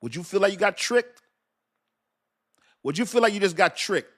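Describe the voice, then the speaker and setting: A man giving animated, casual crypto commentary, laughing often and preaching with slang. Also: sits high, moderate pace. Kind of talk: casual talk to camera.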